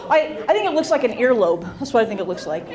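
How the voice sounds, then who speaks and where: A woman's voice: on the high side, sing-song, quick pace. A middle-aged woman doing stand-up comedy and working the crowd, brash and self-mocking, often laughing. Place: comedy club stage. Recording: live club with loud crowd. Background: audience laughter and chatter.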